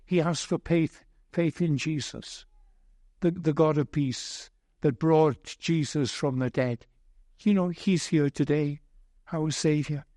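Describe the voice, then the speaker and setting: A man preaching a sermon as pastor, earnest and heavy with repetition and pauses. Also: fairly high pitch, dark tone, no echo, clean studio sound.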